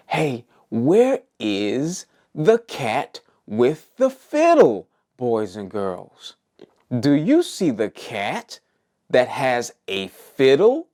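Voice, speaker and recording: Slow, sing-song male preschool teacher. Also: medium pitch, huge pitch swings, dark tone. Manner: slow, sing-song, exaggerated encouraging delivery. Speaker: preschool circle time teacher. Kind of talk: cheerful lesson addressed to small children. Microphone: recorded for an online kids' video.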